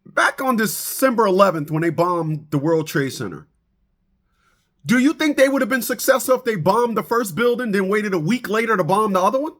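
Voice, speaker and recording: Preachy, animated man with stammering restarts. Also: high voice, a little fast. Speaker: commentator on fathers and child support. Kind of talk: animated monologue to camera.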